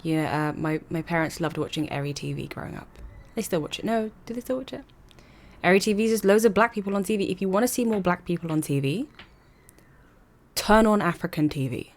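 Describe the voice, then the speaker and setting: A young woman with a slightly low voice talks straight to camera in a personal commentary video. Her delivery is earnest and conversational. She often throws rhetorical questions at her viewers. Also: a little fast. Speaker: vlogger. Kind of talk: opinion commentary monologue.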